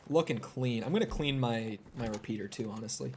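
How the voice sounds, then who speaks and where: A man's voice: mid-range voice, brisk, hardly any pauses, darkish tone, slight background noise. A young man with a Minnesota accent, chatting casually and rambling as he streams a video game, swearing often and filling gaps with "like". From Minnesota, United States. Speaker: gaming streamer. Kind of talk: casual gameplay commentary.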